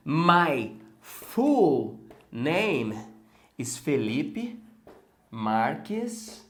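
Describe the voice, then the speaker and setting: Very slow Brazilian English teacher. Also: male voice, on the high side, breathy edge. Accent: Brazilian Portuguese. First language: Portuguese. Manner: spells out each word, repeats drills. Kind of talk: slow, deliberate English lesson.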